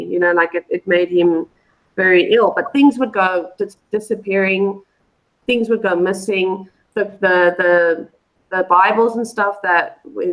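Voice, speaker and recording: On a live online show, a guest with a medium-pitched, somewhat bright voice rambles her way through a casual story. She's heavy on fillers and restarts, heard through poor audio.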